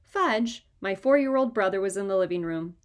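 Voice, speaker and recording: A woman reading a children's chapter book aloud in a lively, expressive way. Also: mid-range voice, moderate pace. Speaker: reader. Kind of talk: storybook read-aloud.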